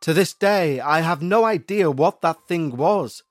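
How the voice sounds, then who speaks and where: A man in measured, scripted narration of a listener's eerie story. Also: on the high side, expressive, no echo, faint music behind.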